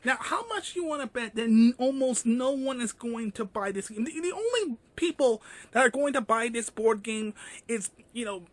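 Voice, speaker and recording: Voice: mid-range voice, expressive, normal speed, dry recording. A vlogger giving an indignant, ranting commentary, full of fillers and swearing.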